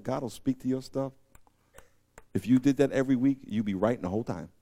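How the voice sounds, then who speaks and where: A man preaching a sermon, telling stories and joking with his listeners. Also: high voice. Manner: animated storytelling, joking with the audience. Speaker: pastor.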